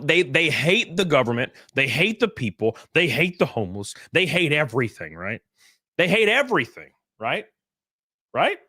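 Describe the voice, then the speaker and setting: A man's voice: fairly high pitch, pushed and bright, no echo, studio quality. A man from California hosting a casual livestream, reading chat and reacting, swearing often and laughing a lot. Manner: profane, laughing, acts out other people's voices. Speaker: livestream host.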